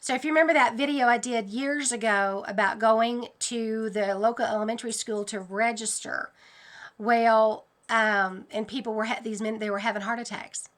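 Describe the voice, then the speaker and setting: A woman hosting her own channel, speaking in a casual, animated and earnest monologue about her dreams. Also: fairly high pitch, normal speed. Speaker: channel host sharing dreams.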